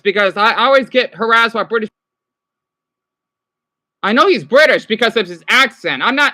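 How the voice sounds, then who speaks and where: A man's voice: extremely high pitch, pushed and bright. A man ranting on a live stream, agitated, swearing often, stumbling over restarts and answering his chat. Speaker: livestreamer.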